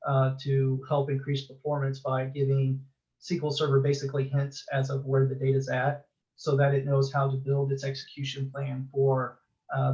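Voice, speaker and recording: A man presenting a technical talk at a user group meeting, talking in a halting way with many filler sounds. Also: medium pitch, a little mellow, highs cut off.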